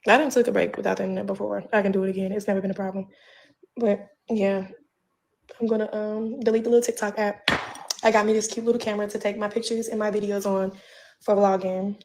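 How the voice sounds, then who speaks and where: A woman's voice: mid-range voice, flat delivery, quick pace, darkish tone. A pregnant woman ranting on a livestream from home, profane and confrontational with a drawling delivery.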